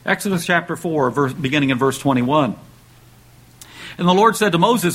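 Husky-voiced man preaching a sermon. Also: lively intonation, normal speed, long pauses, a bit bright, low-quality recording. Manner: conversational, thinking aloud with restarts; raises pitch and volume when reading dramatic quotes. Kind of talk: sermon with scripture reading.

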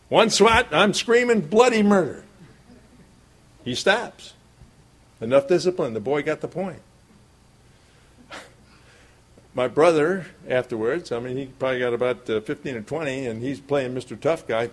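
A man's voice: medium pitch, animated, unhurried, pauses often. Folksy man telling a sermon story. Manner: folksy storyteller, chuckles often. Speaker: preacher.

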